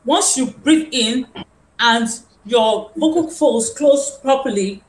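A woman's voice: fairly high pitch, slow pace. A woman, a host and vocal coach who explains singing technique earnestly. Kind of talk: interview discussion. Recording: roomy echo, faint background noise.

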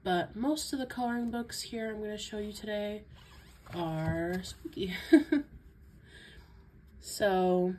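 A woman's voice: medium pitch, mellow, slight background noise. A woman chatting casually to her channel viewers from home, her voice stuffy from a sinus infection, chuckling and stumbling over words now and then. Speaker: coloring book YouTuber. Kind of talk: casual vlog chat.

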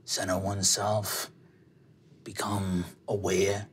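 A performer voicing a blunt, profane older man in a tabletop game, low and dismissive. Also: monotone, slow pace, a little hiss or hum. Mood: lecturing. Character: gruff older man, profane, short-tempered shopper.

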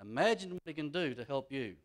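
A man preaching from the pulpit in a fairly high voice. He is a pastor who repeats his key lines and lets his delivery swell for emphasis. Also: expressive, a little fast. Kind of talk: sermon. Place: church.

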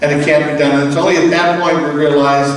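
A man preaching a sermon as pastor, talking in a conversational, animated way and acting out quoted voices. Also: a little high, fast. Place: large church hall. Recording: echoey church hall, from far off.

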